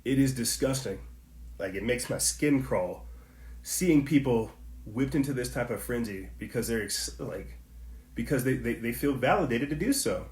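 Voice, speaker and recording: A man delivers a heated commentary monologue on his podcast, preachy and repetitive, talking straight at his listeners. His voice sits at an ordinary middle pitch. The room around him is echoey. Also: expressive, normal speed, darkish tone. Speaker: podcast host.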